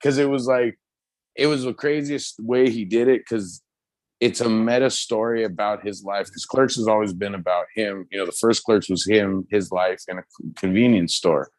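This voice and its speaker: A man co-hosting a casual pop culture chat, talking loosely with lots of swearing and excited retelling. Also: lowish voice, moderate pace, dry recording. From United States. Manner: loose, profane, excitable storytelling. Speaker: podcast co-host.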